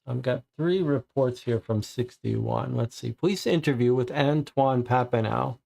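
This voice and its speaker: A man's voice: medium pitch, a little slow, vocal fry, warm tone. A man playing a cold case board game, thinking aloud in a musing, hesitant way.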